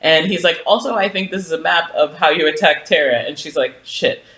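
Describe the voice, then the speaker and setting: A man co-hosting a podcast, casually retelling a story with quick quoted asides and laughter. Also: on the high side, pushed and bright. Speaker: podcast co-host. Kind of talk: casual book discussion. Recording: roomy echo.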